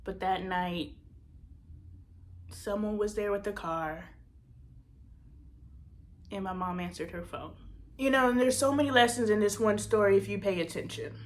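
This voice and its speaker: A woman podcast host telling an emotional personal story, candid and profane, moving from emphatic bursts to hushed near-whispers. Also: mid-range voice.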